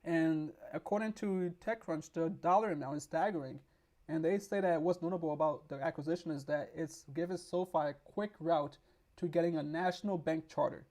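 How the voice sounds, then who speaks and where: A man hosting a stock market video, hoarse from losing his voice, rambling with restarts as he reads news aloud and explains it. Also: a little high, moderate pace, a little mellow. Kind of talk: casual explainer with screen reading.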